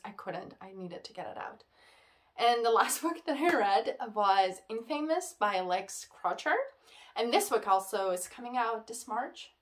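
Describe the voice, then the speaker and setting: Excitable woman ranting about books. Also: medium pitch. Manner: excitable, ranting, heavy use of "like". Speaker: book reviewer. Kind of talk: casual book wrap-up vlog.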